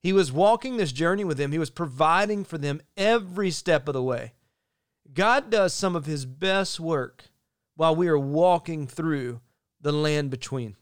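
A man delivers a sermon in an earnest, measured way, leaning on key phrases by slowing down. His voice sits a little high for a man and comes across smooth and resonant. The sound is dry, with no room around it. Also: no room sound. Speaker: pastor.

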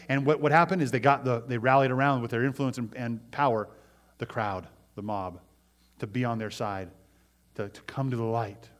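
A male pastor delivers a sermon in a relaxed, conversational way, asking the congregation questions as he goes. His voice swells and then sinks quiet at the ends of phrases, and his pitch sits mid-range for a man. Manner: voice rises and falls widely in loudness, dropping soft at phrase ends.

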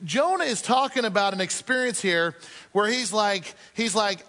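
A male pastor preaching a sermon earnestly, asking the congregation questions and slowing down to stress his points. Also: high voice, expressive, sharp tone, in a large hall.

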